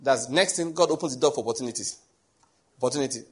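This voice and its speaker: A middle-aged Nigerian man preaches a sermon with animated storytelling, acting out the dialogue. His medium-pitched voice is slightly rough, and he speaks in rapid-fire fashion.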